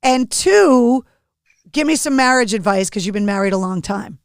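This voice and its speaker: Chatty woman host, fairly high voice, dry close podcast sound. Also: lively intonation, normal speed, smooth, no room sound. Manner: chatty, laughs often. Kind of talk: casual interview chat.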